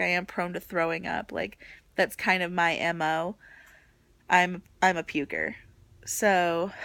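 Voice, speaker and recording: A young woman vlogging casually, exhausted and nauseous, venting frankly about a rough stretch. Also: fairly low pitch, fairly bright tone. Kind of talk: casual chat.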